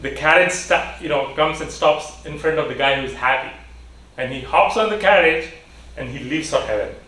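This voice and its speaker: A man's voice: on the high side, normal speed, bright, forceful tone. A man giving a vote of thanks at a conference, telling a story in a plain-spoken way with restarts and fillers. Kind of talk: storytelling speech. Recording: echoey hall from far off.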